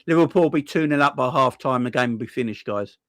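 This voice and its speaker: Sarcastic ranting football fan, dry sound. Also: male voice, mid-range voice, fast, a bit bright, no room sound. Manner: sarcastic, repetitive, swearing. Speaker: football fan channel host.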